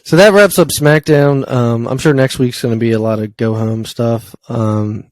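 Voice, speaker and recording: Man, podcast co-host, casual rambling chat, filler-heavy, mid-pitched, dry close sound. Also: fairly even intonation, normal speed, a little mellow, dry recording, rough recording. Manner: rambling with frequent ums and uhs. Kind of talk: casual wrestling news chat.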